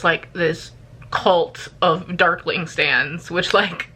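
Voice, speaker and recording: A woman's voice: on the low side, vocal fry, slight background noise. A woman in her twenties, chatting casually and gushing about a book on her vlog, full of "like" fillers. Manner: gushing, animated, lots of "like" fillers. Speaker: book vlogger. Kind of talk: casual chat.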